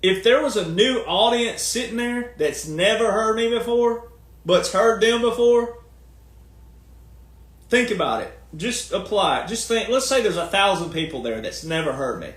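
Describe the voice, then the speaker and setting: A man's voice: sits high, expressive, normal speed, fairly bright tone, echoey room. A man talking in a long, casual monologue, folksy and emphatic, firing off rhetorical questions. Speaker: commentator and speaker.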